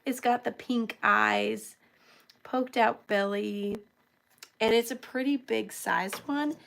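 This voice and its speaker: Chatty woman selling antiques live, gravelly. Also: fairly high pitch, slow, a bit bright. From United States. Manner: chatty, gushing, counts down bids. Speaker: live auction seller. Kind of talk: live-stream selling chat.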